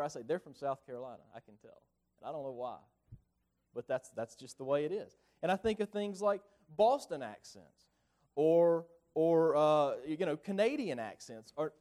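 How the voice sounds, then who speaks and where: Male preacher, Southern US accent, conversational sermon, halting delivery, slightly high pitch. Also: darkish tone. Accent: rural Southern US. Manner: halting, repeats words often.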